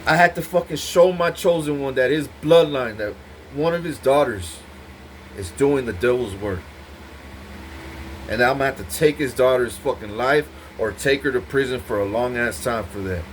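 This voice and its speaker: A man's voice: medium pitch, moderate pace, a little hiss or hum. Intense, rambling man in a profane monologue. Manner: intense, rambling, repeats himself. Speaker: vlogger speaking to camera.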